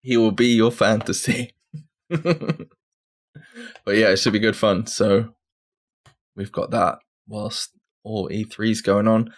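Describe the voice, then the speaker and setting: A man's voice: on the low side, level tone, slow pace, pauses often. A man co-hosting a gaming podcast, casual and teasing, laughing often. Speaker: podcast co-host. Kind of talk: casual banter.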